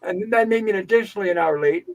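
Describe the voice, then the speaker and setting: High-voiced man telling an indignant story. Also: rapid-fire, rough recording. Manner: animated, indignant venting with acted-out dialogue. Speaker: livestream host. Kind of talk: casual storytelling chat. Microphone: home livestream setup.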